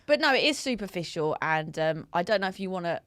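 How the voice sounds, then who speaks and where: A woman's voice: on the low side, fast talker, dry recording, clean studio sound. A woman comedian, a guest on a podcast, chatting and giggling. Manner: giggly, lively storyteller. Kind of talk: casual comedy podcast chat.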